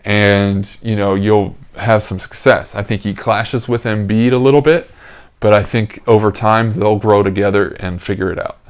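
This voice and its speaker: A man's voice: on the low side, fairly even intonation, moderate pace, clean tone. A young man hosting a casual podcast, talking in rambling, filler-heavy, upbeat bursts. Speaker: podcast host. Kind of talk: casual chat.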